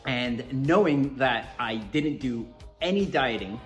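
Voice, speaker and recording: A man from Colombia, an MMA fighter, telling a story in casual, animated talk. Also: medium pitch, slow, soft background music. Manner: animated, lots of fillers and restarts. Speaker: MMA fighter, podcast guest.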